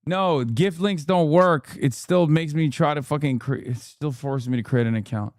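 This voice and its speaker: A man in his thirties streaming live, reading news aloud fast and cutting in with exasperated, profane asides. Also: fairly high pitch, a little mellow, dry recording, clean studio sound.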